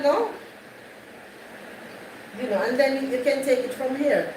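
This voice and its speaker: A woman's voice: high-pitched, slow, a little mellow, recorded from a distance. A woman hosting a live stream, chatting casually with viewers, greeting them by name and repeating herself. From Jamaica. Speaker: livestream host. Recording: echoey, off-mic, noisy background.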